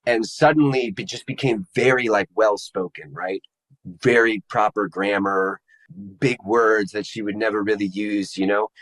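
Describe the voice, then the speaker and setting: A man telling his personal story to an interviewer in a casual, halting way, searching for the right words. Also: lowish voice, fairly even intonation, a bit bright, rough recording. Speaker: interview guest. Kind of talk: personal testimony in casual conversation.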